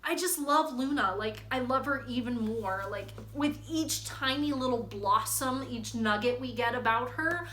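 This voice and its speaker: Young woman book vlogger, gushing and rambly. Bright, slightly high voice in an echoey room. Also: a little slow, few pauses, a little hiss or hum. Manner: gushing, rambling, with many likes and ums. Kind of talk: casual book chat reading passages aloud.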